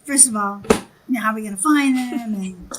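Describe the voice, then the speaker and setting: A woman who is a film producer, telling animated anecdotes in a livestream interview. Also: fairly high pitch, fairly quick, background noise.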